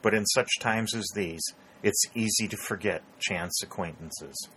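A man voicing a shrewd, rotund elderly male war contractor who talks in a smooth, self-assured way. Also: on the low side, a little slow, fairly bright tone, a little hiss or hum, rough recording.

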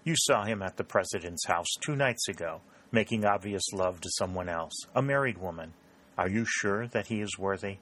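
A man's voice: low voice, expressive, moderate pace, fairly bright tone. A man reading a proud, ardent male secretary who pleads his love in an audiobook. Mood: relentless.

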